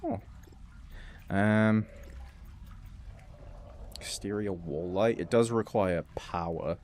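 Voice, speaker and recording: A man's voice: fairly low pitch, takes it slowly, darkish tone, slight background noise. A man chatting, swearing and laughing as he streams himself playing a game. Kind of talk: live gameplay commentary.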